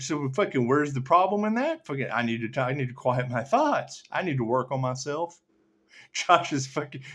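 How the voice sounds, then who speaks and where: A man with a somewhat high, very animated voice delivers a rambling spiritual monologue full of profanity. He laughs often and lurches from loud bursts to low mutters as he talks like a tarot reader addressing his viewers.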